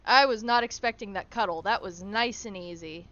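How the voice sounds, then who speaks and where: Woman game streamer, crisp clear tone, casual swearing, chats to her pets. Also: mid-range voice, normal speed, sharp tone, no echo, lo-fi sound. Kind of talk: casual gameplay commentary.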